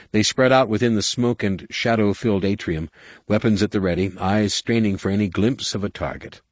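A man reading an audiobook in a measured, dramatic narration. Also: fairly low pitch, no room sound, studio quality. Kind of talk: scripted narration.

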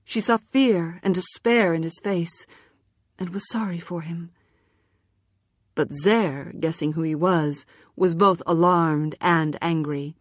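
A woman narrating an audiobook in a calm, measured reading. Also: on the low side, no room sound, clean studio sound.

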